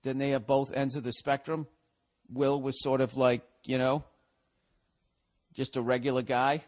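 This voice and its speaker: A man's voice: medium pitch, flat delivery, a little slow. A man in his forties from the United States talks through a solo podcast episode. He reads a listener's email aloud and answers it with a profane, sarcastic rant. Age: 40s. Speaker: podcast host. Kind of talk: casual podcast monologue reading a listener email.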